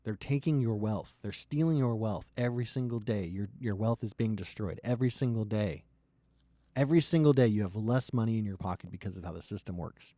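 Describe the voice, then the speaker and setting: A startup founder ranting and pitching with heavy swearing, swinging from loud outbursts to low, quiet lines. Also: male voice, normal speed, no room sound. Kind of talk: impassioned profane rant and pitch.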